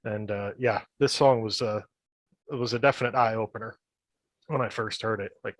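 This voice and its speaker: A man's voice: on the low side, fairly even intonation, moderate pace, no room sound, highs cut off. A man in his fifties, a guest on a podcast, telling casual stories with restarts and laughter. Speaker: podcast guest, metal band member. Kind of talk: casual storytelling chat.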